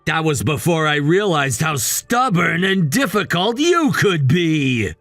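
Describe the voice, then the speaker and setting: A man's voice: a little high, sing-song, unhurried, a bit bright, no room sound, soft background music, exaggerated voice. Synthetic man voice as a controlling husband. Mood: dismissive. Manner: curt, dismissive delivery. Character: controlling young husband, cold and demanding. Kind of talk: text-to-speech story reading.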